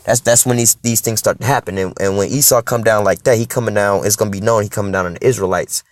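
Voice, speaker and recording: A man's voice: fairly low pitch, fairly even intonation, quick pace, no room sound. A man preaching informally on scripture in an emphatic, profane street style, checking in with "all right?" and "you know?".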